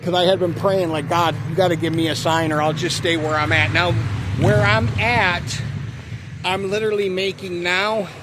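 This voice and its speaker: A man's voice: sits high, fairly even intonation, normal speed. A man telling a rambling, profane story about his life in a casual way. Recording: noisy outdoor street sound.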